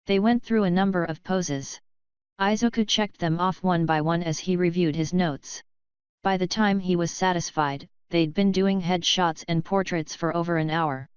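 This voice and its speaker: A woman narrating a fan fiction audiobook in a calm, even storytelling manner. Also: on the low side, moderate pace, clean tone, no echo. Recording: slightly dull, dry close-mic recording.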